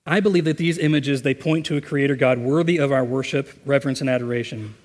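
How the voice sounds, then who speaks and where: A man's voice: mid-range voice, fast talker, darkish tone. A man preaching a sermon in a church, earnest and conversational, reading scripture and leading a prayer. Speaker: pastor. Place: church sanctuary. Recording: long hall reverb.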